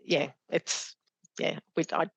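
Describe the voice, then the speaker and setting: A middle-aged woman with a low, gravelly voice. She talks as a podcast guest and keeps breaking off and restarting her sentences. The sound is dry and close. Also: level tone, dry recording. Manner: halting, with many restarts and fillers. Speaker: charity founder, guest. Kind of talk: conversational podcast interview.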